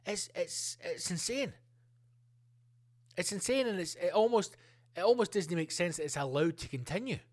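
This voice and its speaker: A man's voice: high voice, animated, normal speed, pauses often. A man hosting his own podcast, ranting with plenty of swearing and jumping between tangents. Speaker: podcast host. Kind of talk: solo podcast rant.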